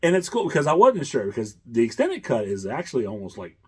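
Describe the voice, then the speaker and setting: A man's voice: mid-range voice, wildly swooping pitch, fast, darkish tone, breathy edge. A man hosting a casual chat, rambling with many fillers and chuckles. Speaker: host.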